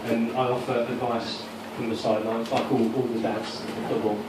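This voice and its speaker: A man's voice: medium pitch, level tone, moderate pace, background noise. A man in his forties doing a rambling, self-mocking stand-up set with stumbling restarts. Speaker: stand-up comedian. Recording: roomy live venue from a distant mic, loud crowd laughter.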